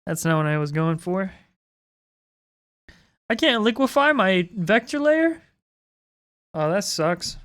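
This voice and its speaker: Woman streamer, unhurried delivery, mid-range voice, salty and self-deprecating while chatting to her viewers. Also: medium pitch, very animated, a bit bright. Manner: swears freely, self-mocking, talks to chat. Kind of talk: casual live-stream chat while drawing.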